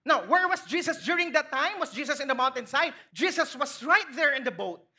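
High bright Filipino woman preaching. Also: a little fast. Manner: lively, questioning the congregation, acting out quotes. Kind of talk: sermon.

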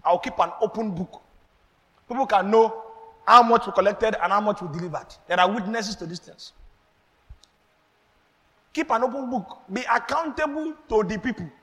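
A man preaching a sermon as pastor, animated, acting out exchanges and laughing as he speaks. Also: high voice, normal speed, pauses often, long reverb tail.

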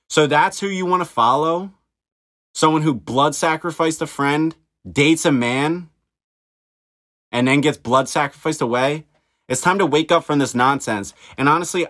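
A man's voice: medium pitch, fairly bright tone. A man hosting a solo podcast, talking insistently and repetitively and firing off rhetorical questions. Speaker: podcast host. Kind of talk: solo monologue.

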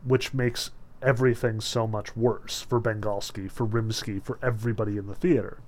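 Brief: a male literature teacher, casual and animated, voice a touch high. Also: normal speed. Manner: animated and chatty, with frequent fillers. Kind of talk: casual lecture with read-aloud passages.

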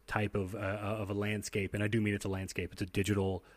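Brief: young adult male, rapid animated storyteller, goes quiet and low for the heavy parts, casual podcast chat. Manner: animated storyteller, drops low and hushed at intense moments.

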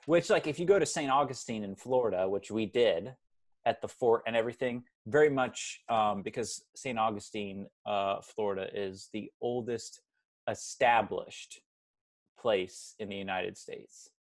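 Young male podcast co-host, low-pitched, chatty and rambling. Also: measured pace. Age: 20s. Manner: rambling, self-correcting, chatty. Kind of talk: casual movie podcast chat.

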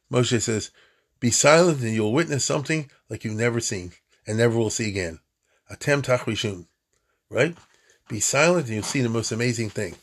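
Gravelly man teaching Torah. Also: medium pitch. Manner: animated, acts out voices, laughs at own jokes. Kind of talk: informal Torah talk.

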